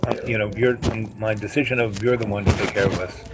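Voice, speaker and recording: A man's voice: fairly low pitch, fairly even intonation, fast talker, close to an everyday voice. A man voicing his elderly father in a plain, matter-of-fact way. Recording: loud hiss and clicks.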